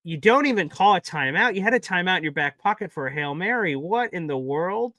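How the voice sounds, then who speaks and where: A man's voice: high-pitched, animated, brisk, pushed and bright, dry recording. A man hosting a live watch party stream, calling play-by-play and getting exasperated at bad plays.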